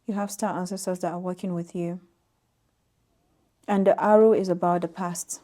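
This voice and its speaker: A woman giving an intuitive tarot reading to camera, reading out card meanings in a soft, gently emphatic way. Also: on the low side, fairly even intonation, normal speed. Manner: soft-spoken, reads oracle card text aloud with gentle emphasis. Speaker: tarot reader.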